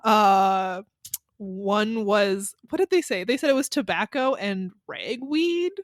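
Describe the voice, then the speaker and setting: A woman's voice: mid-range voice, slow pace, no room sound. Female podcast co-host, casual recap voice, laughs easily, dry booth sound. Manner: laughs often, hedging asides. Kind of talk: casual chat recapping a mystery.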